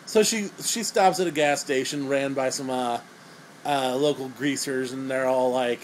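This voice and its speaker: A man's voice: medium pitch, unhurried, slight background noise, low-quality recording. A young man giving a crude, sarcastic, rambling comedic movie review.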